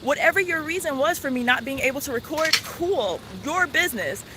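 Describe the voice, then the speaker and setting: A woman vlogger telling a story in a casual, earnest, animated way, with many fillers. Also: high voice, brisk, background noise.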